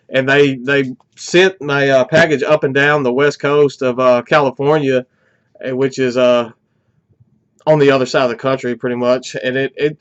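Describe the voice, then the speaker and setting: A man's voice: mid-range voice, smooth, highs cut off. A man hosting a metal music channel, chatting casually at home through an unboxing, congested and a little out of breath, with many "uh" fillers.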